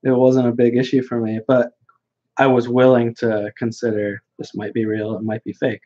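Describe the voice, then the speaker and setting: Young male podcast guest: blunt, mocking, stop-start casual talk, medium pitch, muffled lo-fi sound. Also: flat delivery, dark tone. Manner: blunt, mocking, halting with many restarts. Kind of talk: casual chat. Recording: dull lo-fi sound.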